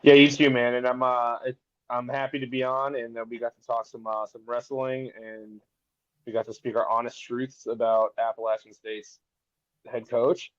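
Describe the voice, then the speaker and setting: A man joining a wrestling podcast as a remote guest, relaxed and laughing easily as he chats. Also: mid-range voice, moderate pace, no room sound, lo-fi sound. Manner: relaxed, laughs easily, fantasy-booking enthusiastically. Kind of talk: casual wrestling podcast chat.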